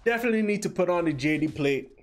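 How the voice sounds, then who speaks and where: A man's voice: sits high, animated, quick pace, faint music behind. A young man hosting a livestream, giving casual gameplay commentary and teasing his chat in a playful, joking way. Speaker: livestream host.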